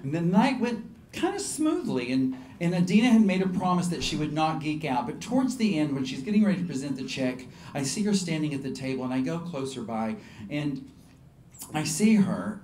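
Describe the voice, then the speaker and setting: A fairly high-voiced man with a Southern US accent tells a comic personal story on stage with lively energy. His voice rings out in an echoey hall. A faint room hum sits beneath it. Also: brisk. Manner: animated and comic, laughing through lines. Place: live storytelling show venue.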